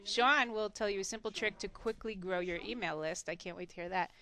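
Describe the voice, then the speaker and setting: A woman co-hosting a casual radio talk show in a bright, sharp-edged voice. She is playful and chatty, often breaking into giggles. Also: mid-range voice, a little fast.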